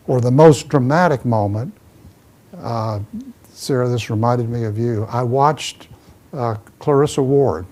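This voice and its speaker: A man's voice: medium pitch, darkish tone. A man, an ambassador, giving an emphatic public talk full of stories and answering audience questions as he moves around. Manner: emphatic storyteller, restless, moves around while speaking. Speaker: ambassador speaking at a forum.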